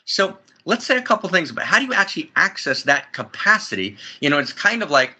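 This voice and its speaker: A man's voice: fairly high pitch, sing-song, fast, hardly any pauses, pushed and bright, husky. A man speaking as an interview guest in a spiritual conversation, effusive and building to soaring emphatic peaks, talking from a friend's house.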